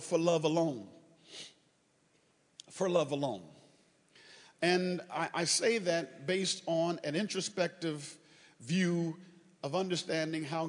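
Male preacher, high and animated, joking asides into shouted fervor, reverberant church. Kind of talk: sermon. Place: church sanctuary.

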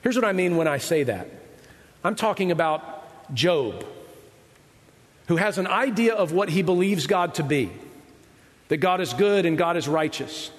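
Every phrase of this sermon trails off into a long hall reverb. The high-voiced pastor talks to his live congregation casually, frequently tossing them a quick "right?" and voicing the Bible figures he quotes.

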